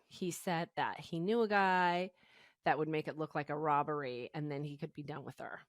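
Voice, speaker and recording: A woman's voice: low voice, no echo, studio quality. A woman co-hosting a podcast, retelling a true-crime case in a chatty, casual way full of "you know" fillers. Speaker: podcast co-host.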